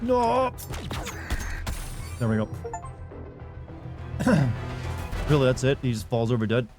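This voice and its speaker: A male streamer chatting casually while he plays, his voice sitting at an ordinary middle pitch. His remarks to chat are dry and offhand, and game music runs loudly underneath him. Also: sing-song, takes it slowly. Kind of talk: casual live-stream commentary while gaming.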